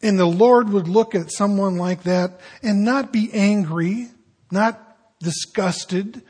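An older man preaching a candid, confessional sermon, dropping at times into quiet, reflective tones. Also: high voice, slow, slightly rough. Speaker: pastor.

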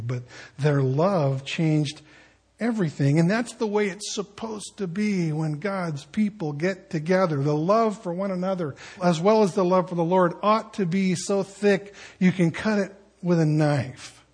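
Husky-voiced pastor preaching in storytelling style. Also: male voice, high voice, a little slow. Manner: conversational storytelling, animated quoting of others. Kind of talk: sermon. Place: church sanctuary.

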